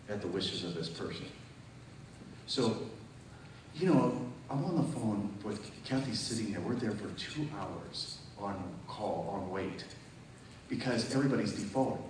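A man with a fairly low voice preaches a testimony sermon, telling his story with acted-out dialogue and building to loud, emphatic peaks. He is picked up from a distance in a very echoey church hall. A clear hiss of room noise sits under his voice. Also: animated, a little slow. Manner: storytelling, acts out phone calls, rises to loud emphatic peaks.

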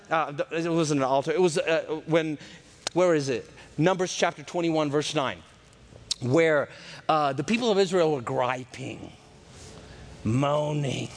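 A man preaching a folksy, joking sermon that swings between loud and soft and drops into character voices. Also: on the high side. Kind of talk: lively sermon.

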